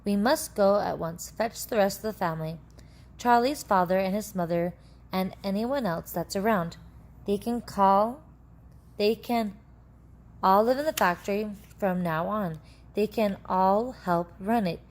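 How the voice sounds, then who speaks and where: A woman reading aloud a children's book, voicing an eccentric, excitable male chocolate-maker who talks in a brisk, eager, commanding way. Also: medium pitch, lightly acted.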